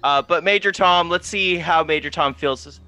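Bright-voiced rambling game player man. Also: a little high, moderate pace, clear, resonant tone, soft background music. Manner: rambling, self-interrupting. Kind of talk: casual tabletop play.

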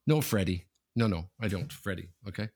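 A man co-hosting a casual sports podcast, talking in an animated, repetitive way, often tossing in "okay?" and swearing freely. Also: deep voice, brisk, breathy edge. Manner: animated and repetitive, keeps saying "okay?" and the host's nickname. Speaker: podcast co-host.

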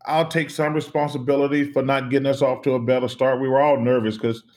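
A middle-aged man from the United States, a guest in an interview, telling stories in an animated, emphatic way, repeating phrases and swearing casually. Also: mid-range voice, fast. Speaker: interview guest, former basketball player.

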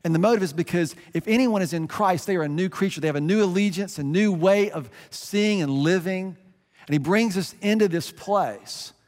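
A man's voice: high voice, normal speed, darkish tone, long reverb tail. A middle-aged man preaching a sermon as a pastor, earnest and conversational, often restarting his phrases.

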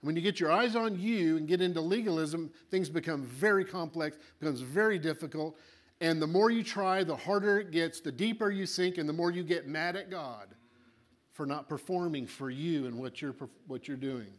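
Animated high-voiced male preacher. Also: moderate pace. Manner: animated, acts out voices, shifts from loud to quiet. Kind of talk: sermon.

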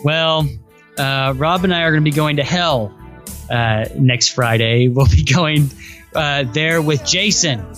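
Man, podcast co-host, somewhat high voice, eager and rambling, faint music behind. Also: measured pace, fairly bright tone. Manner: enthusiastic, rambling with restarts. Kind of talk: casual podcast chat.

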